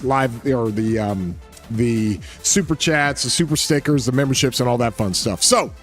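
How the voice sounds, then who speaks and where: A man hosting a casual gaming podcast stream, talking in an enthusiastic, rambling way with frequent restarts. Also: mid-range voice. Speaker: podcast host. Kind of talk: casual livestream podcast chat.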